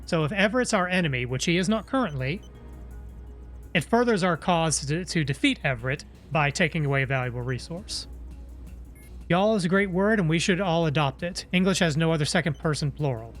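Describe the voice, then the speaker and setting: A man streams a video game and talks it through in a chatty, musing way. His voice sits a little higher than most men's. Soft game music plays under him. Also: animated, fairly quick. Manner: chatty, musing, playful asides. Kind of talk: live gameplay commentary.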